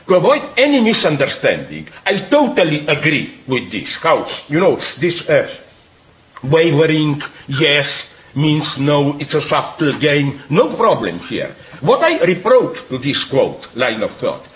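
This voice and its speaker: A man making an animated spoken argument, emphatic, with frequent apologetic asides, many hesitant pauses and laughs at his own points. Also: on the high side, rough recording.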